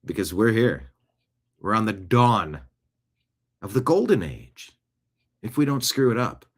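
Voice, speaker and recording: A man's voice: lowish voice, sing-song, a little slow. A man hosting a political commentary show in a sarcastic, rambling, jokey monologue. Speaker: show host.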